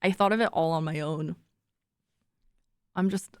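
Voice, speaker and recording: A woman's voice: lowish voice, measured pace, darkish tone, no room sound, clean studio sound. A young woman streaming, chatting casually with her viewers, giggly and cooing baby talk to her dog.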